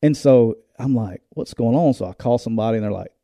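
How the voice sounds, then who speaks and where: A man's voice: mid-range voice, a little fast, dry recording, studio quality. A middle-aged man, a former football coach, co-hosting a casual show and telling stories, acting out the people he quotes. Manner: animated, acts out quoted voices, laughs while telling stories. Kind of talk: casual storytelling chat.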